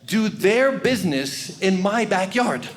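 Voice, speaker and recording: A man's voice: sits high, lively intonation, slow, soft background music. A man doing a bossy, practical wife. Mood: planning. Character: bossy practical wife, middle-aged woman.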